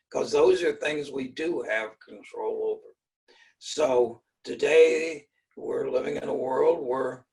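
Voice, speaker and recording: Older male speaker, gravelly voice, measured explanatory delivery, mic set a little far off. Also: mid-range voice. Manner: measured, often clears throat. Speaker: speaker on fear and self-mastery. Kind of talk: explanatory talk.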